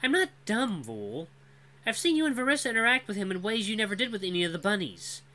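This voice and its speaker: A storyteller voicing a clever, sharp-tongued young female wolf who runs a bakery. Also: medium pitch, very animated, pitched above the performer's own voice. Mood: sassy. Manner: quick, sassy, sharp.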